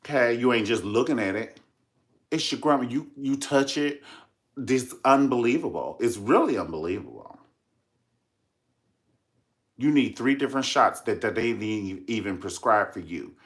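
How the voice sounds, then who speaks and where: A man talks straight to his followers in a casual gossip vlog, full of sass and profanity. His pitch swings all over the place, playful one moment and indignant the next, with "honey" sprinkled throughout. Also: expressive, normal speed, pauses often, a bit bright. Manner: sassy, dramatic, profane, says "honey" a lot. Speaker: vlogger host. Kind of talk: casual celebrity gossip commentary.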